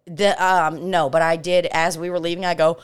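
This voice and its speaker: A woman's voice: fairly low pitch, normal speed, clean tone. A woman from Belarus, a podcast co-host, telling stories in casual chat, swearing freely and acting out voices. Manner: animated, swears freely, acts out voices in anecdotes.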